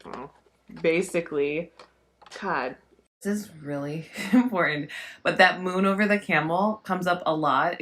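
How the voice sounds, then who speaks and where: A young woman talks through a card reading in a loose, rambling way. Her voice sits a little low for a woman, and her talk is peppered with fillers and casual swearing. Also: fairly bright tone. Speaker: tarot reader.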